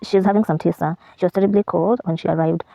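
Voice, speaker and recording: A woman's voice: on the low side, fairly even intonation, quick pace, gravelly, dark tone, no echo. Woman reading as a fussy polite assistant. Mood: deferential. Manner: polite, deferential. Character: fussy devoted male assistant.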